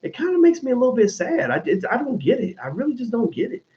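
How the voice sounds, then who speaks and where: A man hosting his own show, answering viewer questions in an animated, casual monologue full of restarts and swearing. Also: extremely high pitch, fast talker. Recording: dull lo-fi sound.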